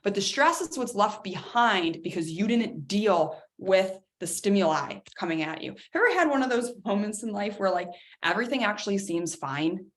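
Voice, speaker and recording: A woman hosting a motivational talk on stress, lively and direct, talking straight to her listeners. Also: medium pitch, moderate pace, few pauses. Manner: animated, addresses listeners as guys. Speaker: workshop host.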